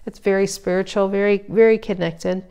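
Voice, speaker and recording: A woman giving a casual tarot reading, emphatic and animated, her voice rising loud and dropping soft. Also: mid-range voice, moderate pace, clear, resonant tone. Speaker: tarot reader.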